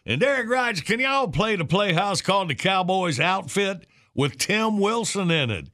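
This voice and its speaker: Man, morning radio host, folksy slang, high lively voice. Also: normal speed. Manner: folksy, casual Southern slang.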